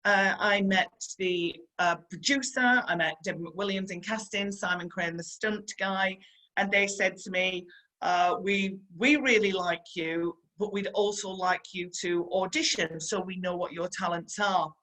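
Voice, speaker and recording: A middle-aged woman with a broad Yorkshire accent tells stories from her working life in a motivational talk. She sounds chatty and earnest. She repeats her key advice and turns to her listeners to address them directly. Her voice sits at an ordinary middle pitch. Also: unhurried, sharp tone, low-quality recording. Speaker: stunt performer and guest speaker.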